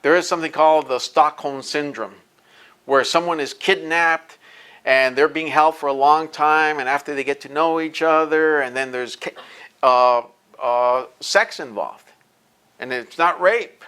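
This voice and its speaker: A man fields questions after a lecture with fervent conviction. His voice sits a touch high for a man and has a hard, forceful edge. He hammers his points home by repeating them. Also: a little slow, clean tone, poor audio. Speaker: lecturer answering audience questions. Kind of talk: impassioned Q&A talk. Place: lecture event.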